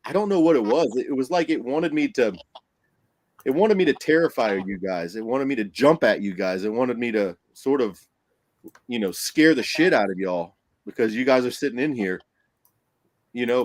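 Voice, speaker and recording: A man, a paranormal investigator, telling a story on a podcast in a casual, animated way, acting out what people said and laughing often. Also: medium pitch, moderate pace, dry recording.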